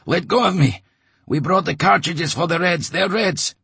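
A man voicing a panicked young male soldier who shouts in strained, high bursts. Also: expressive, measured pace, slightly rough, no echo, heavily acted.

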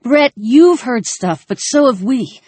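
A man's voice: extremely high pitch, expressive, slow pace, darkish tone, dry recording, voice pushed up, exaggerated voice. A woman voicing a desperate male soldier, pleading urgently with a raised voice.

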